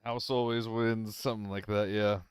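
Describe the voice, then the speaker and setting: A young man chatting casually with his viewers while streaming a game, playful and quick to laugh. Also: on the low side, little pitch movement, clean tone, no echo. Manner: playful, apologetic, laughs often.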